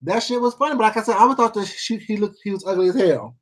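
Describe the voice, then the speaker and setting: Speaking fast and expressively at medium pitch, this livestream host gossips casually with viewers, reading out their comments. There's lots of swearing, repetition and filler, and the host calls people baby and sweetheart.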